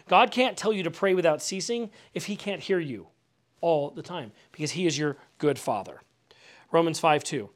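A middle-aged male pastor with a fairly high voice gives a teaching sermon. He talks conversationally, stumbles over and repeats words, and keeps asking his listeners questions. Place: house.

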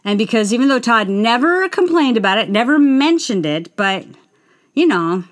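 A woman's voice: on the high side, sing-song, normal speed. A woman, a stage performer, casually telling a personal story in a chatty way, interrupting herself and acting out the people she quotes.

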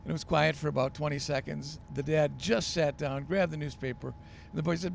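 Gravelly-voiced pastor telling stories. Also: male voice, fairly high pitch, brisk, slight background noise. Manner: animated storyteller with many fillers. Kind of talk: storytelling on a podcast.

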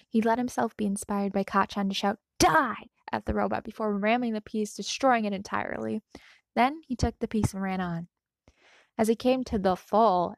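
A woman reading a fanfiction story aloud, then gushing softly about it. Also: mid-range voice, vocal fry, dry recording. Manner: gushing, soft-spoken commentary after reading. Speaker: fanfiction reader.

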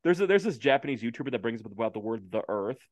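A man's voice: mid-range voice, sing-song, no echo. A man co-hosting a casual podcast chat, joking and giggling often as he talks. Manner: giggly, jokey, quick asides. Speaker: podcast co-host.

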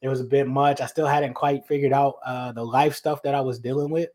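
A man's voice: medium pitch, little pitch movement, fairly quick, darkish tone. A man from North Carolina, a podcast host telling a story in a loose, slangy way with many asides to his listeners, out on location. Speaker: podcast host and life coach. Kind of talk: casual storytelling. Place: out on location in his childhood neighborhood.

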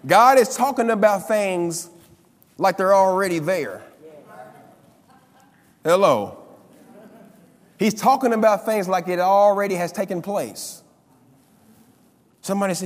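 A man's voice: sits high, animated, measured pace, long pauses. A man preaching a sermon, emphatic, repeating key lines for effect. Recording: long reverb of a large hall.

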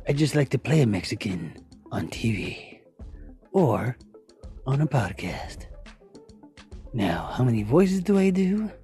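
A man's voice: medium pitch, very animated, a little slow, long pauses, warm tone, soft background music. A man from Puerto Rico, a voice actor and podcaster, leaving a laid-back, profane voice message. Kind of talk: casual voice message.

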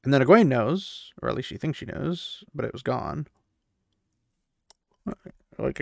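A man's voice: mid-range voice, lively intonation, unhurried, vocal fry, pauses often, darkish tone, no room sound, clean studio sound. A man casually retelling a fantasy novel, rambling and slipping into the characters' voices, with opinionated asides. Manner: rambling, acts out the characters' quotes loosely. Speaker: book recapper.

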